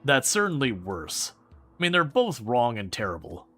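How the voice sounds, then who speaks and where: A man streaming a game and chatting with viewers in a rambling, animated way, often restarting his sentences. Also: medium pitch, normal speed, soft background music. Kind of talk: casual gameplay commentary answering chat.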